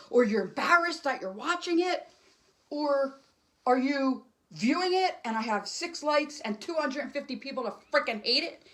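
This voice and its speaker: A woman's voice: sits high, fairly bright tone. A middle-aged woman doing solo stand-up to camera at home, rambling and emotional, jumping between topics. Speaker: stand-up comic. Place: home, alone.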